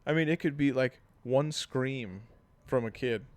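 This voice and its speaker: A man co-hosting a casual podcast, telling lively stories, acting out voices and swearing freely. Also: medium pitch, a little slow, no room sound. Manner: animated storytelling, acts out voices, swears. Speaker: podcast co-host. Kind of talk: casual chat.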